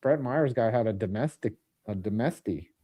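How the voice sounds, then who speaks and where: A podcast co-host on a casual sports show rambles, swears, and gropes for names. His voice sits lowish and sounds mellow, with lively intonation at a moderate pace.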